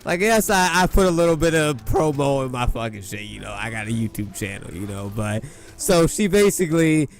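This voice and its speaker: A man's voice: medium pitch, very animated, brisk, soft background music. Cocky young man telling a story. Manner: boastful, profane, rambling. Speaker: gaming YouTuber. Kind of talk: casual storytelling over gameplay. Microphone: gaming mic at a desk.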